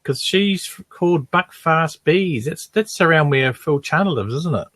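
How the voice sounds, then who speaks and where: An upbeat man from New Zealand co-hosts a casual live Q&A. His voice is slightly high for a man, and he chimes in with quick agreements. The recording is dry and close. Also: animated, fairly bright tone, no room sound. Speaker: podcast co-host.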